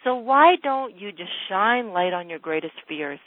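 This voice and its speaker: A woman's voice: mid-range voice, animated, measured pace, dry recording. A woman coach on a phone call with a client, talking in a direct, insistent and emphatic way. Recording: dry narrow phone line.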